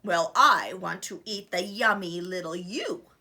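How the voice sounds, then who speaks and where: A woman's voice: fairly low pitch, a little slow, pushed and bright, pitched below the performer's own voice. A woman voicing a mean old male troll who lives under a bridge, roaring and menacing at a storybook read-aloud.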